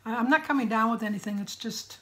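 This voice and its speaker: A middle-aged woman from Michigan chatting in a casual vlog, her voice raspy and congested, clearing her throat often and apologizing as she rambles. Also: on the high side, fast talker, a bit bright. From Michigan, USA. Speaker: vlogger. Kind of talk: casual weight-loss update vlog.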